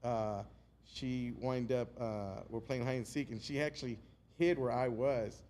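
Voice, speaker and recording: A man's voice: mid-range voice, steady tone, unhurried, darkish tone, a little hiss or hum. A man from Texas, a comedian guest, joking and telling stories in casual chat, laughing easily. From San Antonio, Texas.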